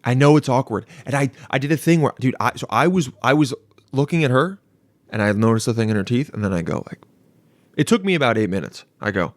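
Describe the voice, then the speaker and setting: Young guy rambling thru a podcast story, swears a lot, mid pitch, super dry close mic. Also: fast, no room sound. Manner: rambling, animated, swears casually, acts out quoted voices. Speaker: podcast host. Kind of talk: casual solo podcast storytelling. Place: studio.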